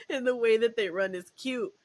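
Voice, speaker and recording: A woman hosting a podcast in casual chat, telling stories in an animated way and laughing often. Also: on the high side. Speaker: podcast host.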